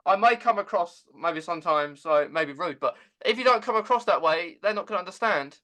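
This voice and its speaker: Male podcast host, high bright voice, halting casual delivery with stammered repeats. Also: expressive. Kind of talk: casual conversation.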